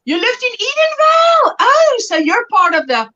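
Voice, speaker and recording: A woman's voice: very high voice, sing-song, moderate pace, sharp tone, highs cut off. A middle-aged South African woman hosting a livestream, chatty and laughing as she reads out viewer comments. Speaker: livestream host. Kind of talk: casual chat while crafting.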